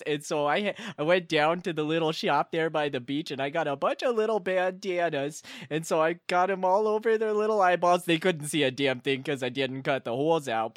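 A man rambling through stories in a comedic improv role-play. His voice sits a little high. The recording is dry and close. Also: dry recording.

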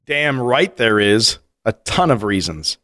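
A man co-hosting a podcast in casual chat, animated and rambling, laughing often and restarting his sentences. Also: lowish voice, slow. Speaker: podcast co-host.

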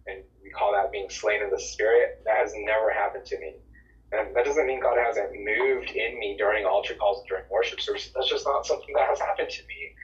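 A man with a fairly low voice talks earnestly about faith, stumbling into his sentences before finding them. He sounds distant from the mic. The audio is muffled and lo-fi. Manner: earnest, storytelling, repeats words when starting. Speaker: podcast co-host. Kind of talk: reflective faith talk.

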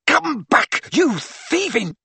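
A man's voice: high-pitched, big pitch swings, a little slow, sharp tone, slightly rough, dry recording, voice pushed up, exaggerated voice. A man voicing a hot-tempered teenage boy. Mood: furious. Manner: snarling, furious.

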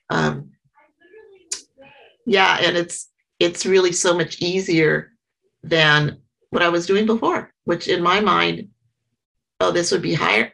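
A middle-aged woman talks through her experience at a small meeting. Her voice sits low and has a gravelly fry to it. She speaks earnestly but haltingly, often pausing and starting over. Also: fairly bright tone, low-quality recording. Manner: halting and earnest, many pauses and restarts. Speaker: member sharing at a support meeting. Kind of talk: personal share at a small meeting.

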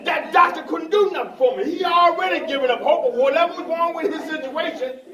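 A man preaching a sermon as bishop, repeating hallelujah and rising into shouts. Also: very high-pitched, quick pace, a crowd in the background. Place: church sanctuary. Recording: echoey church from far off with congregation.

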